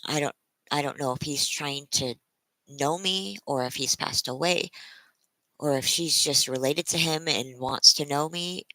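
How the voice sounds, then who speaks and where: Give me a weary woman on a livestream, fighting back tears, her voice bright and tense. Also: low voice, no echo, poor audio. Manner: halting, emotional, restarting sentences. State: close to tears; tired from a sleepless night. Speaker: livestreamer greeting viewers. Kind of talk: casual live-stream chat.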